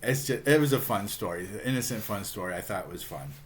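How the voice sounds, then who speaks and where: A man's voice: lowish voice, animated, quick pace. Rambling man recapping a comic. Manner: rambling, with fillers and chuckles. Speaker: book reviewer.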